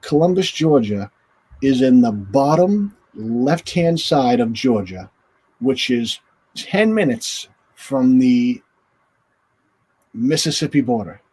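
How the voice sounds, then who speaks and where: A man's voice: medium pitch, expressive, slow pace, dark tone, slightly rough. A man, a former hockey goaltender, telling a long story casually as an interview guest and acting out the voices of the people in it. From northern United States.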